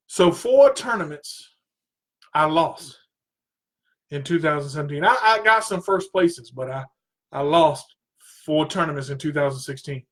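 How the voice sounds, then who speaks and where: High-voiced man telling an earnest story. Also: unhurried. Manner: earnest, repeats phrases, voice rises and strains when excited. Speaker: radio show host. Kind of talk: emotional personal storytelling on a talk show.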